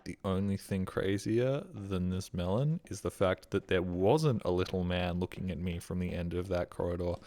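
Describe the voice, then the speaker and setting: A man's voice: low-pitched, moderate pace, hardly any pauses, dark tone. A man streaming a game, chatting casually in a rambling, sweary, self-mocking way. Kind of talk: casual live-stream chat. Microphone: streaming microphone.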